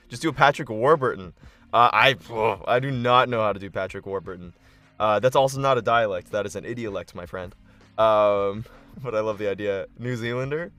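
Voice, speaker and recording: A man game master on a casual live stream, excitable and thinking aloud with lots of fillers. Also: fairly low pitch, fairly quick.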